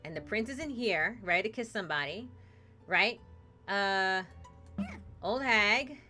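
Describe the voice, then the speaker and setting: Female streamer, bright higher voice, playful story narration, game music faint behind. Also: expressive, unhurried. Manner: playful, narrates a fairy tale and hops into character voices. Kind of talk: casual gaming stream chat with acted story voices.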